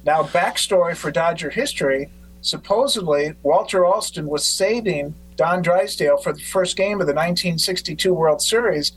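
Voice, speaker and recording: A man hosting a podcast who tells stories in an animated way and acts out quotes. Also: fairly high pitch, normal speed, poor audio. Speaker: podcast host. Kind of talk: casual conversation.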